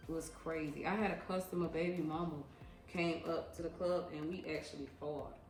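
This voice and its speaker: A woman's voice: low voice, steady tone, soft background music. A woman in her thirties telling casual story-time tales in a frank, emphatic way, with slangy repeats for emphasis. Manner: slangy, drawn-out repetitions. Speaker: vlogger recounting her years as a club dancer. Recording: echoey room with faint ambience.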